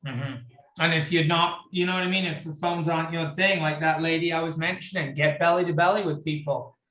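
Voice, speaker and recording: Brief: British male realtor, slightly high voice, echoey room, video call. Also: steady tone, brisk, a bit bright. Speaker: real estate agent. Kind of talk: casual group video-call discussion.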